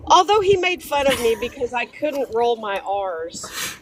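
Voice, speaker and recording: A woman's voice: a little high, sing-song, a little slow, background noise. A middle-aged woman with an Oklahoma accent, calling into a live stream to chat earnestly and kindly. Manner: earnest, apologetic, friendly. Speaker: caller.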